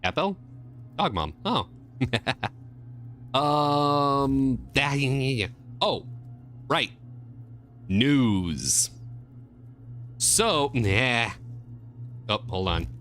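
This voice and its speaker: Male streamer, excitable casual chat, very lively pitch, soft music underneath. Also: drawn-out words, long pauses. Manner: excitable, jumps between mumbling and squealing.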